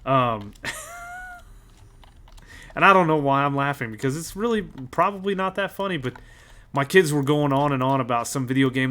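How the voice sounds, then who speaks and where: A man's voice: mid-range voice, very animated, unhurried, bright, forceful tone. A man in his thirties chatting casually on a live stream, rambling and joking, chuckling as he goes and greeting viewers by name.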